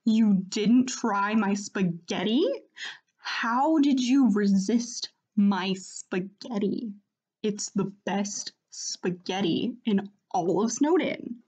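A woman voicing a proud, earnest male skeleton who speaks loudly and theatrically. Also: mid-range voice, slow, slightly rough. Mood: boastful.

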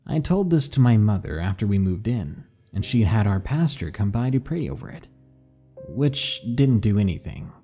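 A man narrates true ghost stories for a podcast in a husky, mellow voice. His pitch rises and falls in a lively way as he builds suspense with measured pauses. Faint music runs beneath his reading.

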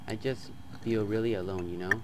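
A man playing a chat game on his channel, reading the messages aloud in a flat tone and breaking into loud, excited outbursts. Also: fairly low pitch, a little fast, loud music behind the voice. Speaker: gaming YouTuber. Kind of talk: let's play commentary, reading chat aloud.

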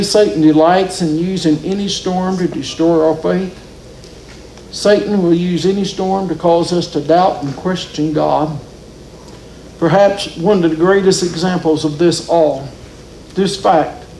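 A man's voice: high-pitched, warm tone, slight background noise. A man preaching a sermon in a church, telling the story with rising and falling emphasis. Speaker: pastor. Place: church sanctuary. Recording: roomy church echo.

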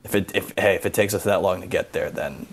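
A man voicing a gruff male alien leader of a jungle band, talking low and measured. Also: slight background noise, natural voice.

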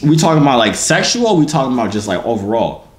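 A man, teasing strangers on a video call. His pitch jumps around a lot as he talks. The recording sounds echoey, with faint background noise. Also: sing-song, quick pace. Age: 30s. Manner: joking, flirty, teasing. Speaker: host. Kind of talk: casual video chat with strangers. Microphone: phone or webcam.

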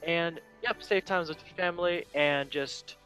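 A man's voice: a little high, unhurried, bright, forceful tone, faint music behind. A young man hosting a casual football chat show, reading memes aloud in a chatty, playful way and laughing at his own jokes. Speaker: podcast host.

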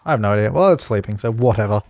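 A man's voice: fairly low pitch, very fast, darkish tone, no echo. A young man doing let's play commentary, bossy and exasperated as he scolds the characters on screen. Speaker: gaming channel host.

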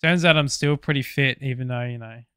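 A man's voice: medium pitch, fast, bright, forceful tone, clear, resonant tone, dry recording, clean studio sound. A young Australian man co-hosting a podcast, chatting casually and rambling with fillers and swearing. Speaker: podcast co-host. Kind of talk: casual chat.

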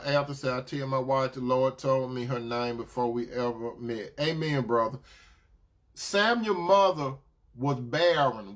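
A man preaching a sermon, telling a Bible story in a relaxed, conversational way, with frequent "right?" asides to his listeners. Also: fairly high pitch.

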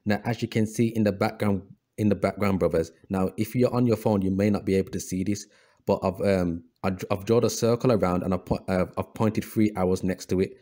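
A man's voice: deep voice, fairly even intonation, brisk, dark tone. A man hosting a history video, narrating over images in a preachy tone, calling listeners brothers and often repeating himself with fillers. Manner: repeats words, frequent fillers and restarts.

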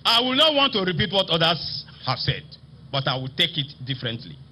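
A man with a Nigerian accent, a state assembly speaker, delivering a formal ceremonial speech in a slow, emphatic, oratorical manner. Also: a little high, big pitch swings, bright, forceful tone, a little hiss or hum. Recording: slightly dull broadcast audio with faint ambience.

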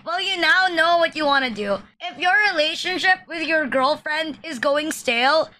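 A woman streamer with a very high, bright, sharp voice, talking through a casual reaction stream. She is blunt, swears freely and makes jokes at her own expense. A faint hiss of noise sits under her voice. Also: animated, moderate pace. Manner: blunt, swears often, self-deprecating jokes. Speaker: VTuber streamer reacting to memes.

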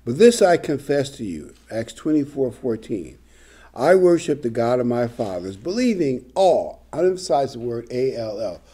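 A man's voice: medium pitch, mellow, husky. An older man preaching a sermon, reading scripture and adding conversational, humorous asides. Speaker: pastor.

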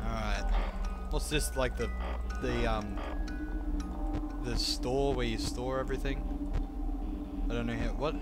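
A man's voice: medium pitch, fairly even intonation, unhurried, long pauses, over loud music. A man playing a horror game, reacting with jumpy swearing and nervous laughter. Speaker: let's play gamer.

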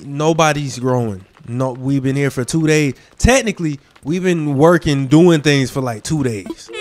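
A sleepy young man doing late-night let's-play commentary, goofy and rambling from one topic to the next. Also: a little high. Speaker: gaming YouTuber.

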